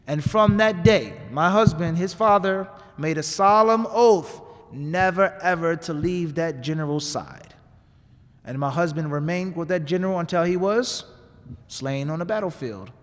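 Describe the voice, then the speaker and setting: A man's voice: fairly high pitch, measured pace, in a large hall, close to an everyday voice. A man voicing a grieving peasant mother in a story told during a sermon. He speaks in an earnest, insistent way. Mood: grave.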